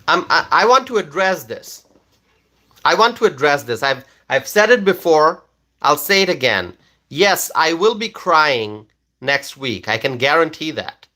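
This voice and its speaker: A man's voice: a little high, big pitch swings, unhurried, sharp tone. A man hosting a political livestream and reading out viewer comments. He is emphatic, repeats himself, and keeps checking in with "okay?".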